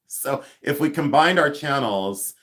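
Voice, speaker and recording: A man chatting on a casual livestream at home, with a lively voice that swings up and down as he jokes and laughs. He sits a little on the high side for a man. He has a runny nose, and he often calls out loudly from around the house. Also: unhurried. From United States. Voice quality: animated and joking, laughs often. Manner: loud, calls out from across the house. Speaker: livestream host. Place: home, moving between rooms.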